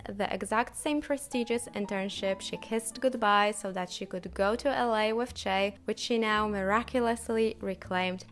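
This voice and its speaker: A woman vlogger recapping a TV episode in scripted commentary, with a playful, wry and sarcastic manner. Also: a little high.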